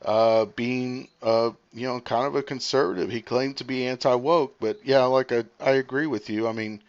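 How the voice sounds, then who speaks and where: A man hosting his own livestream and chatting casually. He rambles and thinks out loud with lots of fillers, talking fast as he reads comments. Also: medium pitch, fairly even intonation, highs cut off. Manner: talks fast while reading comments. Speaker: livestream host.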